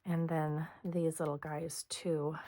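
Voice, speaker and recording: A middle-aged woman talks viewers through a scrapbooking project at a slow, easy pace, her voice a touch low and slightly hoarse. She chats as she works, stopping now and then to clear her throat. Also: little pitch movement, mellow, no room sound. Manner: chatty, talks while working, frequent throat clearing. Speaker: scrapbooking host. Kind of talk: hands-on craft tutorial.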